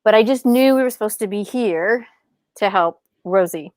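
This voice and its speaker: A middle-aged woman telling her story in an animated, casual way as an interview guest, acting out quoted lines in a higher voice. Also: normal speed, dry recording, studio quality. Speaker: podcast guest, author and speaker.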